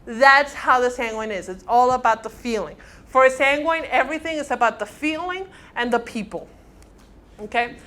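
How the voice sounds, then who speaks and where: Woman, counseling instructor, classroom lecture, animated, acts out dialogues, fairly high voice. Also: moderate pace. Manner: animated, acts out little dialogues, checks in with "okay?".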